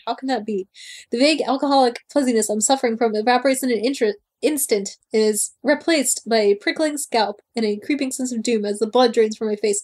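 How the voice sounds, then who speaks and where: A young woman co-hosting a casual podcast, chatting and reading book passages aloud with animated voices. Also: fairly high pitch. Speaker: podcast co-host.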